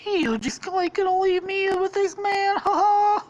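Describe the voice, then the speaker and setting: A woman's voice: very high-pitched, fairly even intonation, a little mellow, pitched above the performer's own voice. A woman voicing Shaggy as a goofy, jittery young man who yelps and laughs through "like, man.". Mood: panicked. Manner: yelping, laughing, drawn-out "like, man".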